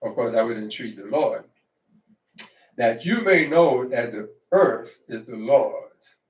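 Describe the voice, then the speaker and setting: A man delivers a relaxed, conversational sermon at an unhurried, deliberate pace. He often checks in with his listeners and restarts his phrases as he thinks aloud. The voice sits back from the mic in a roomy, echoing congregation hall. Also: medium pitch, narrow, tinny audio. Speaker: congregation teacher. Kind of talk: informal Torah-portion sermon. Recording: echoey room, distant mic.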